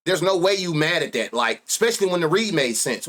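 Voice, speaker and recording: A man's voice: on the high side, lively intonation, a little fast, fairly bright tone. Betting-stream host, man in his thirties, African American Vernacular English accent, loose and crude, laughs easily. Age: 30s. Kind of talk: casual profane live-stream banter.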